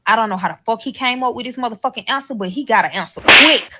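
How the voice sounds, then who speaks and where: A woman's voice: fairly high pitch, lively intonation, fairly quick, heavy background noise. A woman telling a personal story in a casual, profane way, acting out each quoted line with animation.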